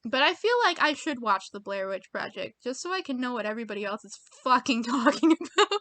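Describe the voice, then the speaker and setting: A woman's voice: on the high side, expressive, a little fast, fairly bright tone, no room sound. A young American woman reading quiz options aloud in casual chat, giggly and self-mocking, muttering as she goes. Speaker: video creator taking online quizzes.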